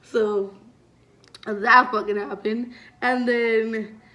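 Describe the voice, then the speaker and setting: A woman's voice: fairly high pitch, very slow. A young adult woman vlogger telling a casual story, chatty and full of fillers, swearing freely. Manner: chatty, heavy use of "like" and swearing; animated retelling, voices loud when acting out scenes.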